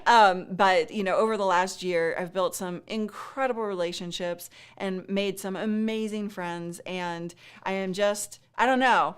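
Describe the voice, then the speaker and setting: Woman streamer hosting a live Q&A. Casual, rambling and earnest, quick to laugh. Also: mid-range voice, fairly even intonation, clear, resonant tone. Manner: heartfelt and rambling, with many fillers and restarts; laughs often.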